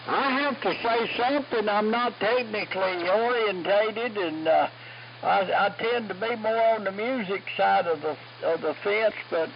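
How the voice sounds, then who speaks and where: A man's voice: sits high, creaky. A man, checking in on an amateur radio net, folksy and joking, heard through lo-fi AM radio with static. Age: 70s. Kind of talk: ham radio chat.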